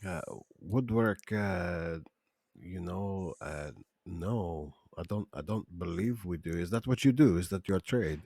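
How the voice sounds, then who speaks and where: A man voicing a courteous male adventurer who speaks in a measured, polite way. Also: low voice, gravelly, darkish tone, slightly rough, no room sound, clean studio sound, full character voice. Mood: curious.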